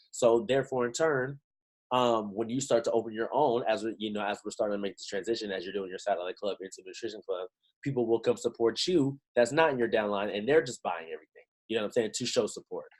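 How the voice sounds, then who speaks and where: A man giving a lively pep talk to his team on a video call, full of slang and rhetorical questions. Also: mid-range voice, low-quality recording. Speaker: motivational team trainer.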